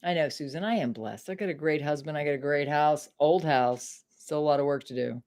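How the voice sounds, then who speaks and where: A woman's voice: low voice, brisk, a little mellow. Middle-aged woman venting on a home livestream. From Maine, US. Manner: frustrated and swearing, talks straight to chat. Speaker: livestream host. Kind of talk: casual livestream chat with viewers.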